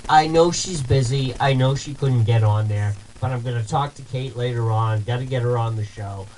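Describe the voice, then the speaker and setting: A man hosting a talk show, telling a story casually in a rambling, animated way and repeating himself. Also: mid-range voice, normal speed, slight background noise, rough recording. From Massachusetts. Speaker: host.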